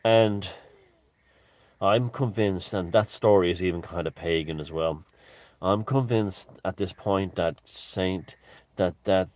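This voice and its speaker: Irish man, deep and dry-voiced, vlogger; rambling, halting monologue full of asides. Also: a little mellow, dry recording. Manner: digressive, halting, many restarts and asides.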